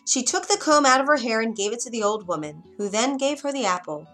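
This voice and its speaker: A woman reading a fairy tale aloud in an expressive, dramatic storybook manner. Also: on the high side, fast talker, faint music behind.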